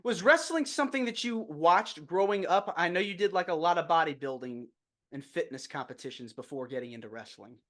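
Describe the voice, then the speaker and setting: A man's voice: on the high side, animated, brisk, fairly bright tone. A man hosting an interview podcast, asking questions and affirming the guest's answers. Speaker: podcast host.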